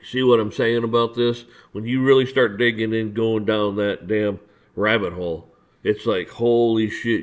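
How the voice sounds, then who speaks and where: This man speaks at a normal pace in a fairly low, steady voice, and the recording has its highs cut off. As a podcast host, he rants casually and profanely, restarting sentences with stammers and playing out exchanges with officials.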